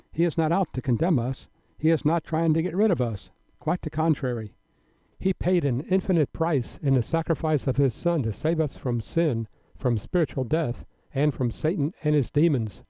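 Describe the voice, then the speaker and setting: A man delivering a scripted radio Bible teaching in a measured, earnest and emphatic manner. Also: on the high side, dark tone, no echo. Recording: dry, dull lo-fi broadcast audio.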